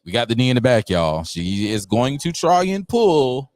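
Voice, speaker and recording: A man's voice: medium pitch, very animated, normal speed, a little mellow. A man hosting a live talk show, reading news aloud and breaking in with slangy asides. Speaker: radio show host.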